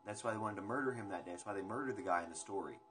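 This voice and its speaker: Rapid-fire and a bit bright, though fairly low in pitch, this young man's voice carries his casual home livestream. Streaming from his phone with music in the background, he chats freely with viewers, hops between topics, and lets the odd swear word slip.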